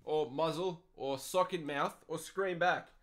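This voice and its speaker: A man's voice: fairly high pitch, a little slow. A young Australian man hosting a podcast, answering listener questions in a blunt, profane rant. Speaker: podcast host. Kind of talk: ranting advice podcast.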